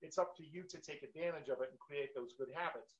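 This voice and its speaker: A man co-hosting a live marketing stream, pitching in an emphatic, motivational way. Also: quick pace. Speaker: co-host of a marketing webinar. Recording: dull, lo-fi stream audio.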